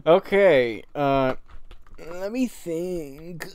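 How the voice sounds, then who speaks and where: A man's voice: a little high, extremely slow, a little mellow, smooth. A young man chatting casually on a livestream, rambling and swearing with frequent laughter. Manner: rambling, profane, laughing often. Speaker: streamer.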